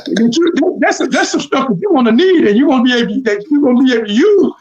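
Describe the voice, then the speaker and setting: A man's voice: very high-pitched, expressive, fast talker, a crowd in the background. A man in a casual chat, talking earnestly and repeating his points for emphasis. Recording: dull lo-fi sound.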